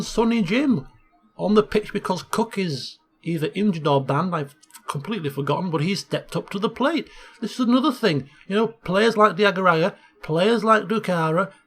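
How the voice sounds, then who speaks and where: A man casually commentating over a football management game he plays, chatty and excitable. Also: high voice. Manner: chatty, bursts into excited shouting at goals. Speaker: Let's Play host.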